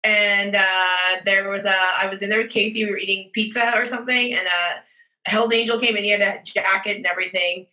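A woman tells a story over a video call, giggling between her lines. Her voice is bright and forceful. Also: medium pitch, steady tone, fairly quick, rough recording.

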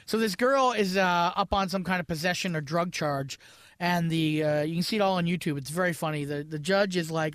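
A man's voice: fairly high pitch, brisk, fairly bright tone, dry recording, studio quality. A man in casual podcast chat, swearing freely and acting out the people in his stories. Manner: profane, storytelling, acts out quoted people. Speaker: podcast co-host.

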